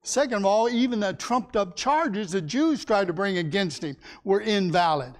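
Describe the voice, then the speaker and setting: A man's voice: sits high, animated, normal speed. A man teaching a Sunday Bible class in a folksy way, asking his listeners questions and acting out the people in the story.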